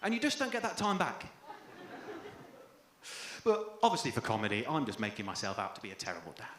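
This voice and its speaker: A young English man doing a stand-up comedy set on stage, dry and self-deprecating, with sudden loud outbursts. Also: mid-range voice, huge pitch swings, fairly quick. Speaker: first-time stand-up comedian. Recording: echoey live venue with faint room noise.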